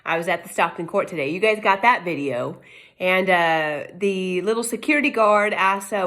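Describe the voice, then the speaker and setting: A woman's voice: lowish voice, animated, normal speed, fairly bright tone. A middle-aged woman using a put-on Texas accent, speaking in a casual, emphatic monologue with rhetorical questions. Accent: Texas Southern US, put on. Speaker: self-made legal commentator. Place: home in California.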